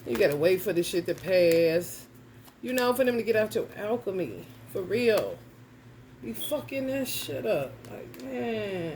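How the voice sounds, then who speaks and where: A woman's voice: medium pitch, very animated, measured pace, a little mellow, a little hiss or hum. A woman giving a casual tarot reading, ranting bluntly and profanely straight at the viewer. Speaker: tarot reader.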